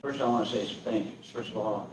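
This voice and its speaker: Older man, deep voice, echoey distant mic. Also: steady tone, quick pace. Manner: rambling, chatty, many fillers. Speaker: county commissioner. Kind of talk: informal remarks at a public meeting. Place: public meeting room. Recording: echoey room, distant mic, background noise.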